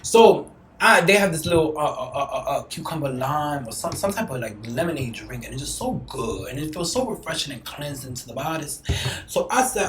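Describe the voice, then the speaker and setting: A woman's voice: deep voice, expressive, a little fast, a little hiss or hum. A woman hosting a podcast, telling a story in casual, blunt and profane talk and acting out the people she quotes. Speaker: podcast host. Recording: roomy echo.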